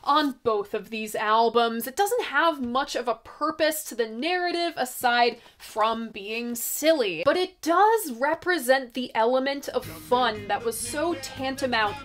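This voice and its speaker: Woman, high voice, casual album review host, chatty, expressive asides. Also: a little slow, few pauses, soft background music.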